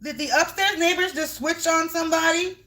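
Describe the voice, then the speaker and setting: Woman spiritual reader on a home livestream, bright tone, emphatic and repetitive. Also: very high-pitched, steady tone, fairly quick. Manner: emphatic, repetitive, talks straight to viewers. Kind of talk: casual livestream card reading.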